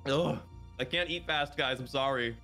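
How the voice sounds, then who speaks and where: A man's voice: medium pitch, moderate pace, pushed and bright, soft background music. A man playing a survival game with friends, bossy and teasing in casual chat. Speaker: co-streamer.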